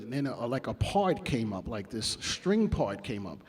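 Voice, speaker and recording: An expressive mid-range voice with a breathy edge moves at normal speed with few pauses. It belongs to a New York music producer who tells blunt, profanity-heavy stories in a casual interview, acting out the quotes.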